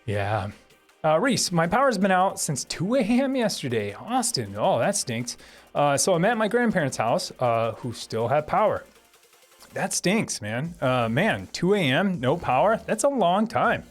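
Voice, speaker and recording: A man's voice: on the high side, very animated, measured pace, soft background music. A man hosting a live stream from his home setup, chatting casually, reading viewer comments and thanking them with frequent laughs.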